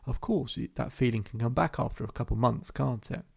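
A man working as a hypnotherapist, calmly recounting a session in a storytelling monologue with slow, repeated phrasing. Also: medium pitch, gravelly, breathy edge.

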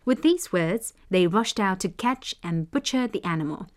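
A woman hosting and narrating folk tales in a measured, expressive scripted reading. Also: mid-range voice. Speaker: storyteller host.

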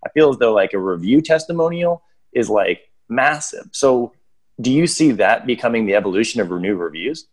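A man's voice: mid-range voice, expressive, normal speed. A man hosting a podcast, chatting in a rambling, playful way. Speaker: podcast host. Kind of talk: casual podcast chat.

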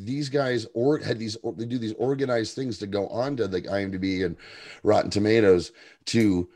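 A man's voice: fairly low pitch, steady tone, normal speed, darkish tone. A man co-hosting a podcast in casual chat, wry and sarcastic. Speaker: podcast co-host.

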